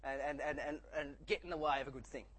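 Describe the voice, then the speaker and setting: A man's voice: on the high side, steady tone, fast, fairly bright tone. A middle-aged man giving a sermon, conversational, with many restarts and jokes. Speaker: preacher.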